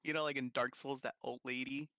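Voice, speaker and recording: A man's voice: medium pitch, flat delivery, brisk, sharp tone, no echo, highs cut off. A young man hosting a casual stream chat, rambling and jokey, with frequent laughter and crude humor. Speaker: streamer host.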